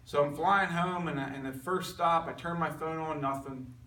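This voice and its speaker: A man's voice: a little high, normal speed, fairly bright tone, slight background noise. A man giving an earnest personal testimony to a men's group, telling his story in a conversational way. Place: meeting room with a group listening. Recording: echoey room recorded from far off.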